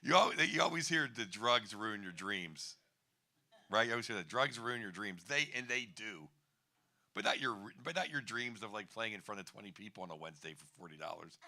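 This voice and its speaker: A man's voice: lowish voice, lively intonation, a little fast, sharp tone. A man in his fifties doing a stand-up comedy set on a bar stage, wry and rambling, chuckling at his own jokes.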